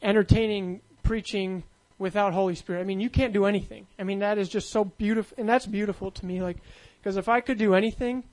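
A man with a high, light voice delivers a sermon in an easygoing, conversational style. He talks like he's chatting with friends, peppering his preaching with fillers and asides. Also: steady tone, fast, darkish tone, poor audio.

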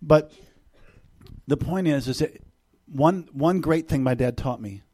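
A middle-aged man preaching a sermon as a visiting preacher to a church congregation, animated, swinging between loud bursts and hushed, intimate passages, with joking asides. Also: on the high side, unhurried.

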